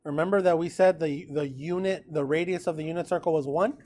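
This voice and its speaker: A man teaching a precalculus class in a relaxed, chatty way, often checking in with his students. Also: fairly high pitch, a little fast. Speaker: math teacher. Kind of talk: classroom lecture recorded with notes.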